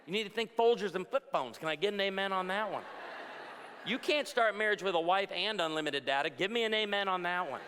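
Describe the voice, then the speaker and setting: A man's voice: high voice, fairly quick, bright, forceful tone, slight background noise. A man in his forties, a pastor giving a humorous conference talk to a live audience, telling jokey stories and asking the crowd for amens. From outside Chicago. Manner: joking storyteller, punchlines, asks the crowd for amens. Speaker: pastor and speaker. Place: large hall before a live audience. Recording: reverberant hall.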